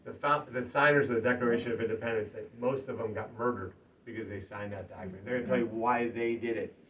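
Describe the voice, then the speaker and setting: A man delivering an emphatic campaign stump speech, moving between loud rallying lines and quiet, earnest stretches. He sounds far from the mic, on a dull, lo-fi recording. A faint room ambience hums behind him. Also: lowish voice, fairly even intonation, quick pace, slight background noise. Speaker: political candidate. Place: party office meeting room.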